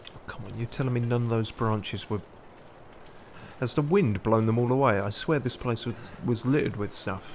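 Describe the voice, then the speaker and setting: A man's voice: medium pitch, normal speed, darkish tone, slight background noise. A man giving wry, self-mocking live commentary while he plays a game, often muttering to himself. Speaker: game streamer.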